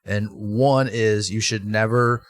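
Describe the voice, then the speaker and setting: A man who owns a brewery, talking in a casual interview and telling animated stories with lots of restarts. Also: fairly low pitch, slow, dry recording, studio quality. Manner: animated storytelling with laughs and restarts. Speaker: brewery owner, guest.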